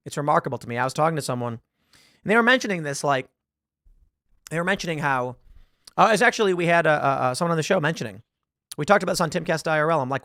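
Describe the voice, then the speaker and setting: A man's voice: a little high, fast talker, dry recording, clean studio sound. A man hosting a political commentary show, telling anecdotes casually and acting out the people he quotes. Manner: animated storytelling, acts out quoted voices.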